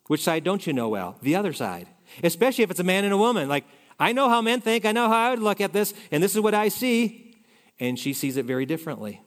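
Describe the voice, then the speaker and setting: A male pastor preaching a conversational sermon, shifting between loud emphasis and soft asides. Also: fairly high pitch. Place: church sanctuary. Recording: reverberant hall.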